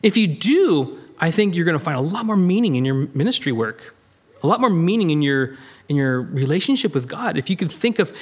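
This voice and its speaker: A man's voice: on the high side, a little fast, slightly rough. A man teaching a verse-by-verse Bible study as a minister, talking conversationally and acting out the quoted lines. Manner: lively, conversational, reads scripture aloud and acts out quoted lines.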